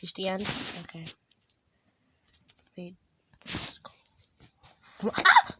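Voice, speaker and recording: An excitable woman talks her way through a video game, her pitch swinging up and down as she reacts. She speaks slowly between outbursts. Clear noise sits behind her voice. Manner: excitable, screams suddenly while playing. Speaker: gaming channel host. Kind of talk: casual gameplay commentary.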